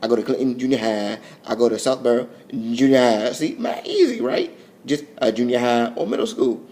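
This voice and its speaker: A young man vlogs late at night at home on his phone, overtired and rambling in a goofy way as his voice swoops up and down. His voice is medium-pitched and mellow, with fairly even intonation and a brisk pace.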